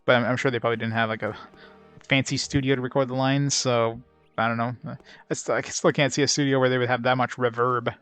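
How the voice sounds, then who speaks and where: A man's voice: medium pitch, level tone, quick pace, fairly bright tone, smooth, faint music behind. A man hosting a let's play, giving casual, rambling and wry gameplay commentary. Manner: rambling, wry, filler-heavy.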